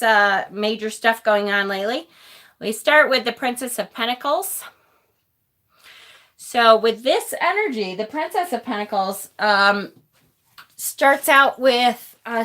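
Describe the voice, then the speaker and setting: Bright-voiced chatty woman reading cards. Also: mid-range voice. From Rochester, New York. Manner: chatty and affectionate, reads viewer comments aloud. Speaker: tarot reader and channel host. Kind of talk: casual live-stream card reading.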